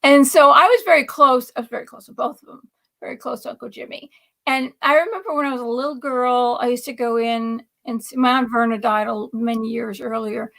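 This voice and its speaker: High, gravelly woman telling a story. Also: a little fast. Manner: animated, chatty, laughing at her own story. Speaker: livestream guest. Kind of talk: casual storytelling.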